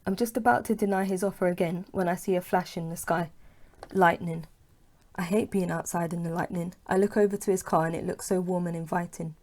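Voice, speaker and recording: Low mellow woman reading aloud. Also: steady tone. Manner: first-person storytelling, unhurried. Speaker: author and narrator. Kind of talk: audiobook reading.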